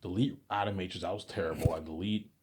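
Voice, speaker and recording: A man's voice: deep voice, fairly even intonation, quick pace, noisy background. A man vlogger ranting in a casual monologue, repeating himself and swearing freely. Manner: repetitive, profane ranting.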